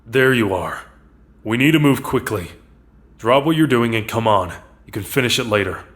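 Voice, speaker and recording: A man voicing a terse, nervous warehouse supervisor who gives curt, hurried orders. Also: medium pitch, fairly bright tone, natural voice. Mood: urgent.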